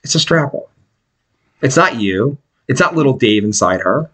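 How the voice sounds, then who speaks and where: A man co-hosting a podcast, joking crudely and mimicking people in squeaky voices. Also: expressive, moderate pace, fairly bright tone. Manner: jokey, mimics others in high voices. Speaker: podcast co-host. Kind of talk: crude casual banter.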